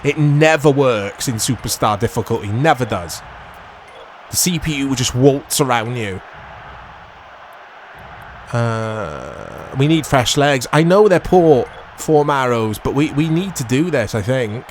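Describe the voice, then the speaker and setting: A man commentating his own football video game play, excitable and self-mocking, shouting at big moments. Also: mid-range voice, unhurried, a little hiss or hum. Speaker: gaming YouTuber. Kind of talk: gameplay commentary.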